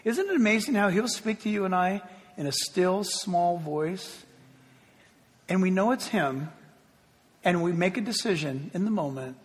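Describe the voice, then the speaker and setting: A man preaching a sermon as pastor, emphatic and swinging from quiet, low asides to loud, ringing appeals. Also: expressive, unhurried, slightly rough. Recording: long hall reverb.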